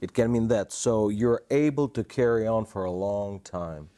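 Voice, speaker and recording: Hesitant man with a mellow low voice. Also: normal speed. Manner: hesitant, searching for words. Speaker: student of Greek.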